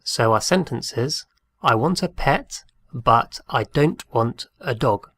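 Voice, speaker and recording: Male language teacher, slow and deliberate, mid-pitched, dry close sound, drills phrases and spells words aloud. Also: animated, a bit bright, no room sound. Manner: patient, repeats each phrase and spells words out. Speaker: Spanish teacher.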